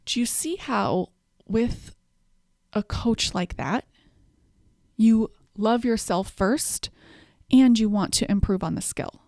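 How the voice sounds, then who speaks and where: A woman's voice: mid-range voice, takes it slowly, long pauses, a little mellow, no room sound, clean studio sound. A woman hosting a self-help podcast, walking through numbered tips in an encouraging coaching tone. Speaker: podcast host.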